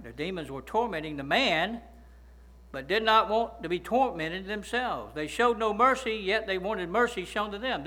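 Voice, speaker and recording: High, bright-voiced preacher. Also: male voice, poor audio. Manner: preaching with frequent "right?" and "amen?" prompts to the congregation. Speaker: pastor. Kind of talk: sermon.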